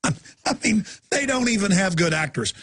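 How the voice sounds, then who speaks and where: Man, talk radio host, ranting monologue, raspy, high-pitched, emphatic. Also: animated, a bit bright. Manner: ranting, emphatic, rapid-fire asides.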